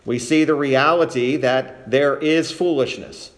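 A man delivering a sermon at a very unhurried pace, leaning on single words to drive home his point. His voice sits in an ordinary middle pitch and stays measured throughout. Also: fairly even intonation. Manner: slow, deliberate, stresses key words. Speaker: pastor.

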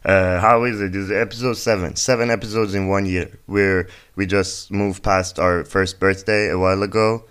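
A young man with a fairly low voice, talking off the cuff as the host of his own podcast. He wanders from story to story, swearing freely and joking as he goes, in a loose, chatty monologue. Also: fairly even intonation, moderate pace, few pauses, fairly bright tone, clear, resonant tone. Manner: rambling, profane, jokey storytelling. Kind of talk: casual solo podcast monologue.

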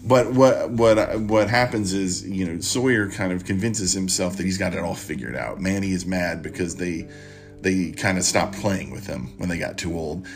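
A man hosting a podcast, recapping and recommending a book in a halting, rambling way with many restarts. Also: low-pitched, soft background music. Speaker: podcast host.

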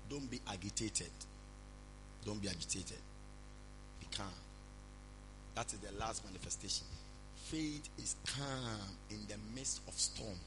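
A man preaching a sermon, speaking calmly and reassuringly to his congregation. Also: fairly low pitch, a little slow, long pauses, background noise. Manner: preaching, shifts from loud prayer to calm counsel. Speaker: pastor.

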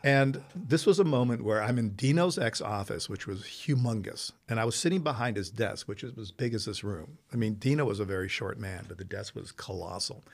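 A man hosting a casual chat, telling long, animated anecdotes full of restarts and asides. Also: on the low side, fairly quick, hardly any pauses. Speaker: host.

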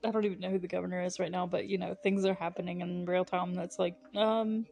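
A woman's voice: on the low side, flat delivery, fast, creaky. A young woman hosting a podcast, chatting casually through an episode recap with plenty of fillers and frequent laughs. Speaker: podcast host.

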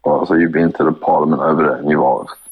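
A man's voice: a bass voice, steady tone, quick pace, slightly rough. A young man chatting casually among friends, blunt and skeptical in how he talks. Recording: dull lo-fi sound.

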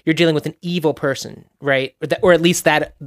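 A man co-hosts a casual podcast, offering wry, dry-humored remarks. His voice sits a little high, recorded close and dry. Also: steady tone, fast, no room sound. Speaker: podcast co-host. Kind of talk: casual rewatch chat.

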